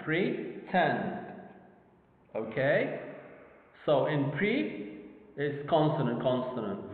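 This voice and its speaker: A man lecturing on phonetics, repeating each example word several times as he breaks it into syllables. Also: fairly high pitch. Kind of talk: recorded classroom lecture. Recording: phone-like audio, echoey hall.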